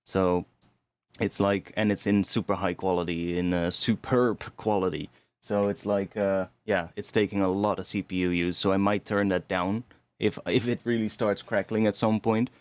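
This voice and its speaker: A young man with a low, steady voice at a moderate pace talks casually through his music production on a live stream. He rambles, restarts sentences as he thinks out loud, and swears mildly now and then.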